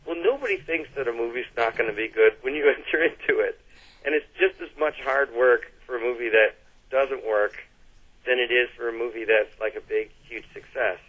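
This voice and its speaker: A man's voice: mid-range voice, fairly quick, narrow, tinny audio. A middle-aged man with a Canadian accent, chatting as an interview guest and telling stories with lots of restarts and fillers. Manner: chatty storyteller, restarts and fillers, laughs easily. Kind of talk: casual interview chat.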